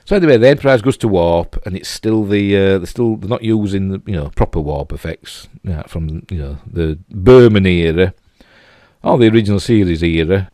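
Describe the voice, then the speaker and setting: Deep-voiced Yorkshire man rambling casually. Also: brisk, dark tone, no echo, studio quality. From Yorkshire, England. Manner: rambling, lots of "you know" and restarts. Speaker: TV episode reviewer. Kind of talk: casual spoken review.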